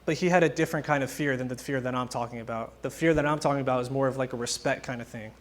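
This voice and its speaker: A man's voice: medium pitch, very fast. A young man preaching a casual, conversational sermon, telling stories and acting out quotes informally. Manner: informal, animated storytelling with acted-out quotes.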